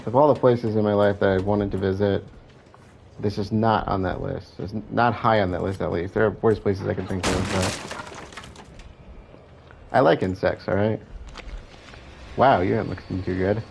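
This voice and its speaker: A man with a fairly low voice giving casual gameplay commentary. He chats, reacts to what's on screen and swears freely. Some faint ambience sits behind him. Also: vocal fry, a little mellow, a little hiss or hum, rough recording. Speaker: let's play host.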